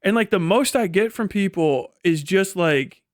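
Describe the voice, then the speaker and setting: A young man rants on a livestream in a high voice, swearing freely and laughing scornfully as he rambles. The sound is dry and close to a desk mic. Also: lively intonation, unhurried, dry recording. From United States. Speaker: live streamer. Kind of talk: casual rant on a livestream.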